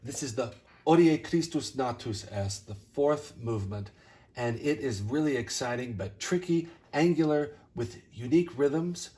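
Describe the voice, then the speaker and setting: A man directing a choir rehearsal, coaching singers and speaking lines of the text slowly to model their phrasing. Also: medium pitch, expressive, mellow, recorded from a distance. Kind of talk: rehearsal instruction.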